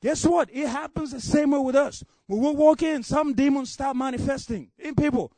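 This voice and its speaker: A man from Africa preaches with a strikingly high voice and fervent, rising delivery. He builds repeated refrains into near shouts, then eases down to a quieter storytelling tone. The recording is dry and close. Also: moderate pace, no room sound. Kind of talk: sermon.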